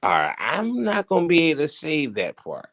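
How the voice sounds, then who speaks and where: Wildly animated man hosting commentary. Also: a little high, moderate pace. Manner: animated, teasing, theatrical swings between loud and hushed. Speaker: host. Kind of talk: casual current-events commentary.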